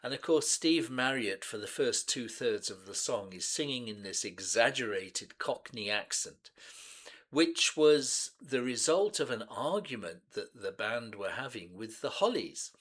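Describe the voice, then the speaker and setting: A man in his seventies hosting a music reaction channel, reminiscing in an unhurried, hesitant way with many pauses and restarts. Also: mid-range voice, lively intonation, fairly bright tone. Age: 70s.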